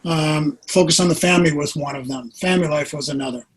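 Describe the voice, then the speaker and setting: A man in his sixties, a podcast guest, earnestly telling a personal story with animated delivery. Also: a little high, fast, breathy edge, low-quality recording. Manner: earnest, animated storyteller who acts out quotes.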